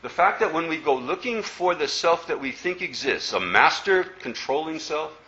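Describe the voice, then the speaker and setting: A man's voice: a little high, animated, normal speed, sharp tone. A man teaching as a Buddhist teacher, giving a playful dharma talk to an audience and asking many rhetorical questions. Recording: roomy, slightly dull recording.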